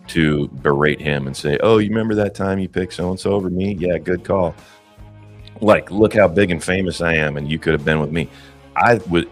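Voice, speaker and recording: A very deep, gravel-low male voice talks through casual commentary. He is blunt and profane and often breaks into short laughs. Faint guitar music plays under him. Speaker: commentary host.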